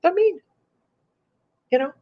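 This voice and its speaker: A woman hosting a casual live-stream chat as a psychic medium, chatty and animated, laughing often. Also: slow pace. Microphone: computer or phone on a live video stream. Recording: muffled lo-fi stream audio.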